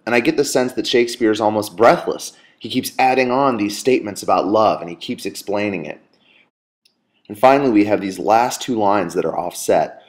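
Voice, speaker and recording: A man's voice: fairly low pitch, darkish tone. A man teaching a poetry lesson in an earnest, explanatory screencast walk-through, with fillers and restarts and emphatic readings of quoted lines.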